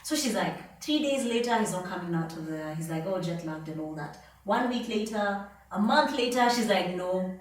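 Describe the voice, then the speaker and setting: A woman's voice: mid-range voice, expressive, moderate pace. A woman hosting a podcast, telling a long story in a casual, chatty way with quoted dialogue. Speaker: podcast host. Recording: echoey room, mic at a distance.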